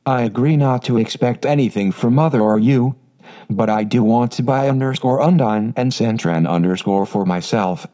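A man reading the lines of a bold, bookish teenage girl in an even, unacted synthetic voice. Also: mid-range voice, moderate pace, close to an everyday voice.

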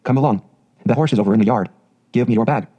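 A shy, awkward older farmer speaks haltingly, sounding helpless, as a man reads his part in a storybook. The voice is dark and mellow with a husky grain. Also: medium pitch, muffled recording, lightly acted.

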